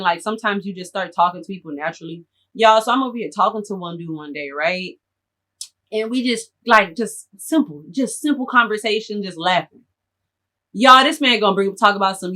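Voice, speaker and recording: A young adult woman telling a storytime to her viewers in animated, slangy casual chat. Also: mid-range voice. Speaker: storytime vlogger.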